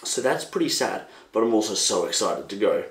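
A young Australian man hosting a casual solo podcast, rambling and animated, swearing freely. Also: lowish voice, brisk, reverberant. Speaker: podcast host.

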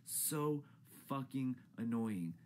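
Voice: medium pitch, animated, slow pace, warm tone. A YouTuber in a profane, exasperated rant about a reality TV show, swinging from grumbling to shrieks. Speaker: YouTube ranter.

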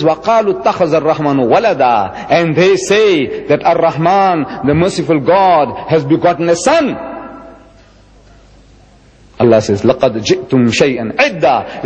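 A man in his seventies giving an emphatic, rhetorical religious lecture. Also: a little mellow. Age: 70s. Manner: emphatic, rhetorical, with dramatic swings in pitch. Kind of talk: public lecture. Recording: dull lo-fi recording with long hall reverb.

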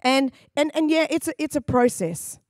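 A woman's voice: sits high, expressive, moderate pace, no echo. A woman pastor from England preaching a sermon in a conversational, storytelling way, acting out quoted voices. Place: church.

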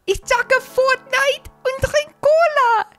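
A squeaky tiny German boy. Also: steady tone, slow, over music. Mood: giddy. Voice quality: squeaky, piping. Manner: giddy, gleeful. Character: excited tiny boy bragging about cola.

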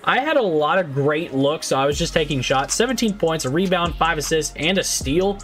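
High, lively man ranting through gameplay. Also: brisk, soft background music. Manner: excitable and easily frustrated, yells at teammates; casual slang and mild swearing. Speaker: gaming YouTuber. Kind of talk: live gameplay commentary.

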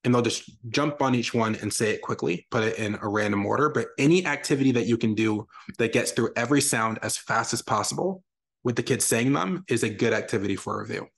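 A young adult man, a reading educator, giving a lively online lesson for parents and answering their questions. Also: mid-range voice, brisk, gravelly. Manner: energetic, explains with sound examples. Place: lives in Texas.

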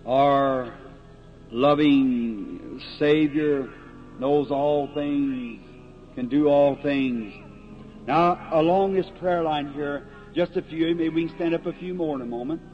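A man's voice: on the high side, slow pace. A man preaching a revival sermon and calling people up for prayer, in a folksy, plain-spoken, earnest way. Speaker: evangelist preacher. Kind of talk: old-time revival sermon and prayer line. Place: large meeting hall before an audience. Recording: dull lo-fi archival tape with faint hiss.

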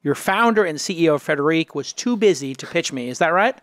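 A man hosting a startup podcast, reading an ad and joking with a guest in an energetic, salesy way. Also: fairly high pitch, fairly quick, no room sound, studio quality. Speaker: podcast host. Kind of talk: casual chat and host-read ad.

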